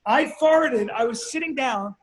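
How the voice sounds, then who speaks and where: A man co-hosting a podcast, telling a story in relaxed casual chat and swearing freely. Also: very high-pitched, unhurried, reverberant. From grew up abroad, moved to America as a teen. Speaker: podcast co-host.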